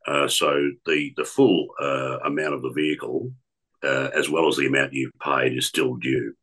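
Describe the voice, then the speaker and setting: A man's voice: rumbling low, steady tone, a bit bright, voice pushed down. A man posing as a stiff credit company officer. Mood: official. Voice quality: halting, full of ums.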